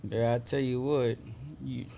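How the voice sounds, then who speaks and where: A man, an Army veteran guest, talking in a relaxed, agreeable way in a casual chat. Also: mid-range voice, unhurried, gravelly, slight background noise.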